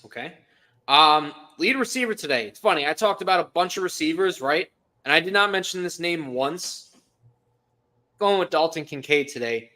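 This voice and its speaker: A man co-hosting a casual sports podcast, loud and jokey, swearing freely as he gives his picks. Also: a little high, expressive, moderate pace. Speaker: podcast co-host.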